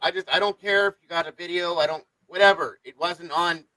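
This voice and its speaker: A man's voice: sits high, steady tone, brisk, sharp tone, no echo, rough recording. Blunt, profane man hosting a livestream. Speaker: livestream host. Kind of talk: casual livestream chat.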